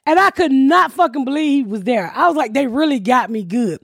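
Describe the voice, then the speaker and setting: A woman's voice: high-pitched, a little fast, vocal fry, husky, no room sound, clean studio sound. A middle-aged woman, telling a story on a podcast with a lot of swearing and laughter. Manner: profane, animated storytelling with laughter. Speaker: podcast host. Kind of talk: casual storytelling chat.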